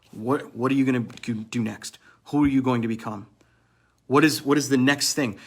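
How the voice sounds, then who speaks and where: A man's voice: mid-range voice, a bit bright. A man coaching other men on relationships in a blunt motivational monologue, swearing and repeating phrases for emphasis.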